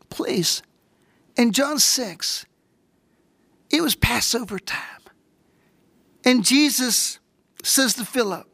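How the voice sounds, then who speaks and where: Fervent female preacher, high-pitched, dry close-miked sermon, stumbles and repeats when stirred. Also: no room sound. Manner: fervent, swings from hushed whispers to raised shouts.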